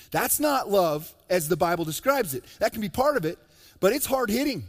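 A man preaching a sermon as pastor, animated and joking, swinging between emphatic loud lines and soft low ones. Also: normal speed. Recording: long reverb of a large hall.

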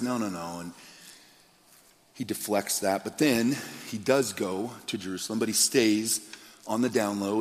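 A man preaching a sermon as pastor, telling the story with animated, acted-out quotes. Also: on the low side. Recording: long hall reverb.

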